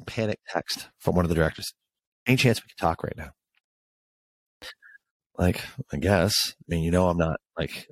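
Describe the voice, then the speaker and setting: A man co-hosting a casual chat show, telling a story as an animated rant with swearing. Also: deep voice, dry recording. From Canada. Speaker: podcast co-host.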